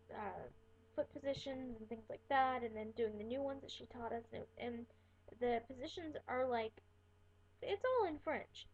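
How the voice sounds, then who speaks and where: A woman's voice: fairly high pitch, creaky, slight background noise. A young woman casually telling a personal story in a rambling, chatty way, full of fillers. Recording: tinny phone-like webcam audio.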